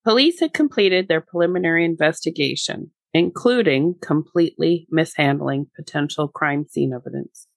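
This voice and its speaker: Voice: medium pitch, moderate pace, vocal fry, few pauses, no echo. A podcast co-host reading scripted narration in a wry tone.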